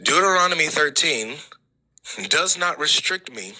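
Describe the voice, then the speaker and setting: A man arguing in a heated online debate, quick to interrupt and brushing off his opponent. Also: a little high, bright, forceful tone, poor audio. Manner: quick to interrupt, laughing dismissively. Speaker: debate host.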